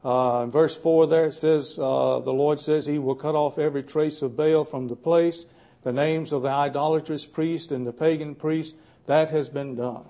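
A man preaching a Bible study sermon in a plainspoken, folksy way, pausing often to gather his thoughts. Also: fairly high pitch, gravelly, mellow. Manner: folksy, plainspoken with frequent "uh" pauses.

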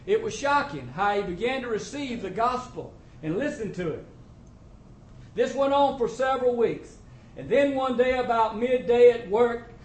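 A man's voice: extremely high pitch, slight background noise. A man preaching a testimony sermon to his church, telling the story in a folksy way with plain country grammar. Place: church congregation. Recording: roomy echo with faint ambience.

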